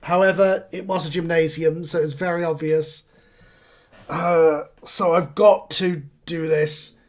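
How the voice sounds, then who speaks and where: A man's voice: on the high side, little pitch movement, a little slow, a little mellow. Upbeat man running a tabletop game. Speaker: game master. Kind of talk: casual tabletop game narration.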